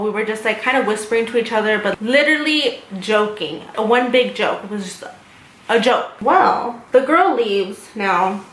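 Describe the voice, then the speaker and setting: A woman's voice: fairly high pitch, a bit bright, roomy sound, a little hiss or hum, low-quality recording. A young woman telling a story while doing her makeup, animatedly quoting the people in it. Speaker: YouTuber.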